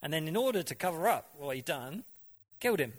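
A man's voice: fairly high pitch, big pitch swings, fairly quick. A man preaching a sermon in a conversational way, often asking the congregation questions and now and then mimicking voices for effect.

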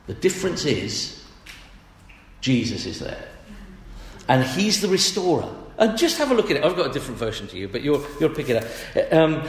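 Guy preaching, chatty and laughing a lot, voice jumps up and down, big echoey hall. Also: medium pitch. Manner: animated, chatty, laughs often. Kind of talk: sermon.

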